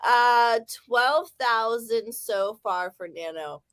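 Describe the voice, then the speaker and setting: A woman of forty with an Ohio accent and a slight lisp, chatting casually as she hosts a writing stream. Her voice sits a little high for a woman, and she talks in a rambling, self-deprecating way. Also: takes it slowly, fairly bright tone, smooth. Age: 40s. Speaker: livestream host.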